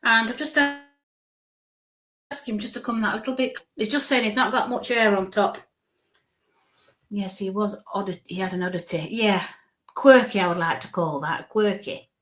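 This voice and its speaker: Northern English woman, live medium reader, talks to viewers in a warm-hearted, reassuring ramble. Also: mid-range voice, normal speed, pauses often. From northern England. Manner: chatty, reassuring, repeats okay and bless you. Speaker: medium giving live readings. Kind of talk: live spirit reading to online viewers.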